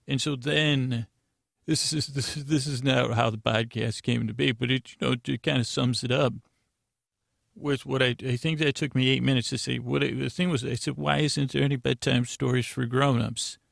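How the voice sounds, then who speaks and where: A man's voice: medium pitch, fairly even intonation, moderate pace, gravelly, a bit bright, dry recording, clean studio sound. A man hosting a bedtime podcast, rambling and meandering with many restarts. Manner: meandering, self-interrupting, drowsy. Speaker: podcast host.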